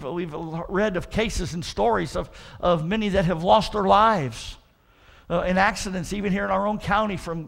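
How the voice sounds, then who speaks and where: A man pastor delivering an earnest sermon, often restarting with repeated words and swelling into loud emphatic warnings. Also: high voice, creaky.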